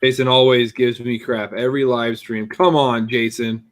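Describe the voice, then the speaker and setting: A man's voice: medium pitch, fairly even intonation, moderate pace. A man co-hosting a live stream in casual chat, joking and teasing viewers. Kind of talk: casual chat, reading the chat aloud.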